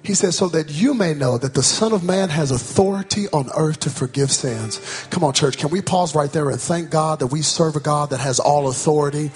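A man preaching a sermon in a church, calling out to the congregation and rising into shouted, sing-song cadences. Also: on the high side, moderate pace, few pauses. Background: soft music.

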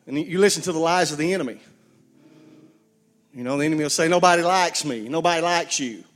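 A man's voice: a little high, fast, fairly bright tone. A man preaching a sermon, folksy storytelling with call-and-response to his congregation. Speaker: pastor.

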